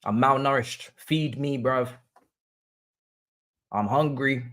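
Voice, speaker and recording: A young man hosting a live football watch-along, swinging between low murmurs and excited chanting. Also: takes it slowly. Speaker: livestream host.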